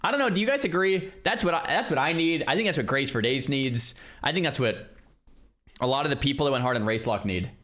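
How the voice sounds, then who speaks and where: Brief: male stream host, casual and repetitive, mid pitch. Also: expressive, quick pace, a bit bright. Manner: chatty, repeats himself, addresses viewers. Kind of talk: casual reaction commentary.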